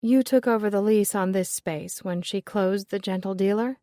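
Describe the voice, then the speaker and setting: A woman's voice: medium pitch, moderate pace, warm tone, dry recording, studio quality, lightly acted. A woman voicing a curious American woman who presses a stranger with questions, in an American accent. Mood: probing. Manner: eager, probing.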